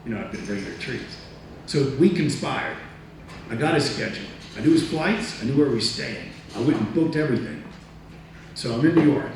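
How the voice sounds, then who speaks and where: A man giving a talk, telling a story from his career in a lively way, acting out other people's lines and laughing at himself. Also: mid-range voice, brisk. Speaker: motivational speaker. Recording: echoey room, distant mic, faint noise.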